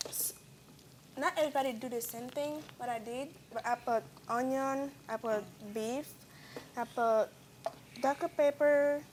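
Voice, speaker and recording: A woman answers shyly and briefly about her cooking. Her voice sits somewhat high, and there is a faint hiss in the background. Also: fairly even intonation, a little slow, a little mellow. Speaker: choir member and cook.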